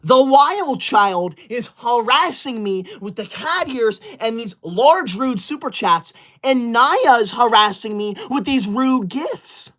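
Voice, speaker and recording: A woman's voice: fairly high pitch, animated, takes it slowly, hardly any pauses, fairly bright tone. A woman livestreamer chatting with viewers, scolding them in a mock-indignant, theatrical huff.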